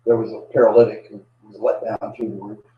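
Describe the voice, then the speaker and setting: A man presenting a lecture on biblical storytelling, speaking haltingly with frequent fillers. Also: lowish voice, level tone. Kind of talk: lecture to a live audience. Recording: dull, distant, echoey room sound.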